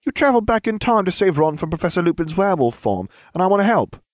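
Keen young witch girl, a man putting her on, bright and high, pitch bouncing. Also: very animated, fast talker, dry recording, clean studio sound. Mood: eager. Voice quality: eager, bright. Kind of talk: audiobook fan fiction reading.

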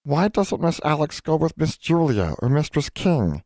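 A man voicing fretful female house elves that speak in broken grammar, high and strained, in a storybook reading. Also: sing-song, normal speed, darkish tone, no room sound, studio quality. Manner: squeaky, fretful, ungrammatical speech.

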